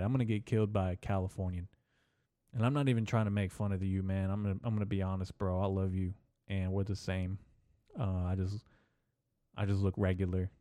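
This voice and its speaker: Profane, rambling man with a dark voice. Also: sits low, no room sound, studio quality. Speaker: podcast host. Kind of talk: casual comedic rant.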